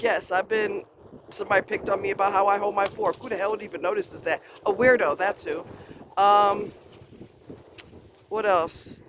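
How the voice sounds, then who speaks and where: A man with a notably high voice speaks straight to camera from outdoors near a road. He is emphatic and blunt, drifting into chatty asides, with a faint hum of passing traffic behind him. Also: fairly even intonation, normal speed, long pauses. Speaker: advice vlogger. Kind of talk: casual advice monologue.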